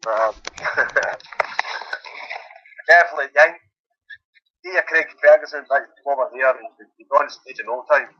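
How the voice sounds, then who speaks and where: Easygoing Scottish caller, lo-fi line. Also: male voice, mid-range voice, measured pace, pauses often, pushed and bright, husky. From Scotland. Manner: easygoing, chatty, lots of fillers. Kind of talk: casual chat.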